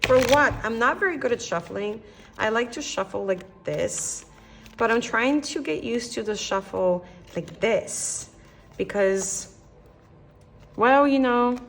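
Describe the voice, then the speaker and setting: A young Canadian woman giving a casual tarot reading. She talks straight to the viewer in a gentle, encouraging way, thinking aloud and often restarting her sentences. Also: on the high side, expressive, measured pace, a little hiss or hum. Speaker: tarot reader.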